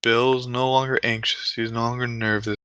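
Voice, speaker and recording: A man telling a comic story in a deliberate way, with dramatic pauses and asides. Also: medium pitch, flat delivery, pushed and bright, smooth, dry recording.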